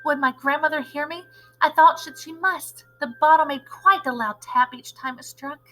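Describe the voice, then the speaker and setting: A teacher reads a children's novel aloud with lively expression. Her voice is high and bright, and she keeps the story moving with animated narration. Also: normal speed, slight background noise, poor audio.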